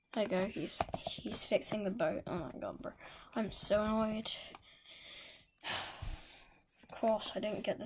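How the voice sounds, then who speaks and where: A woman giving live gameplay commentary, excitable and exasperated, ranting at the game. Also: mid-range voice, slight background noise. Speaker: gamer. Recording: loud game music behind the voice. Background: loud game music.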